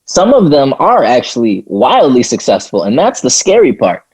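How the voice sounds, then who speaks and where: A man co-hosting a podcast in casual chat, rambling and halting, restarting his sentences often. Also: medium pitch, huge pitch swings, darkish tone, breathy edge, low-quality recording. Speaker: podcast co-host.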